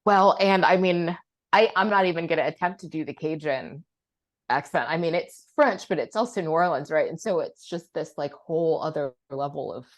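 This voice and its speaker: Lower-voiced woman podcast co-host. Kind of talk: casual chat.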